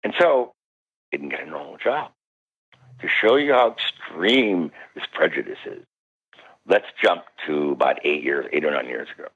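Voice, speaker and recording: A man being interviewed as a guest parapsychologist, telling stories animatedly with sudden jumps in pitch. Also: expressive, normal speed, a bit bright, slightly rough. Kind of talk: recounting stories in a radio interview. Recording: dull lo-fi radio call.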